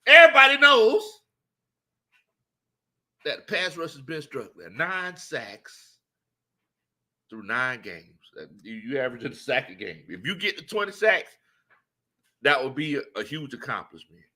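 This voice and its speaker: A man's voice: a little high, huge pitch swings, a little slow, pauses often, bright, forceful tone. A man hosting a casual sports talk stream, laughing often and greeting viewers by name. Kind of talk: casual live-stream chat.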